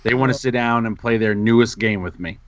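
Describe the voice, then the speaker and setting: A man co-hosts a casual gaming podcast and tells a story in a lively, self-mocking way. His voice sits mid-range and sounds close and dry, with a slightly dull, muffled tone. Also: medium pitch, a little fast, no room sound. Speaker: podcast co-host.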